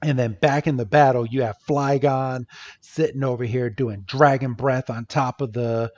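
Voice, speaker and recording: A man's voice: mid-range voice, steady tone, normal speed, a little mellow. A man co-hosting a podcast, casually and playfully retelling movie scenes with quoted lines. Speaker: podcast co-host. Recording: dull lo-fi podcast audio.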